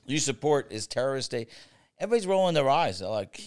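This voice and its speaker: A man's voice: medium pitch, lively intonation, brisk, clear, resonant tone. A man from New Jersey, a comedian guest on a podcast, musing in a rambling way with jokey asides. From New Jersey, USA. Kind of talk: casual podcast conversation.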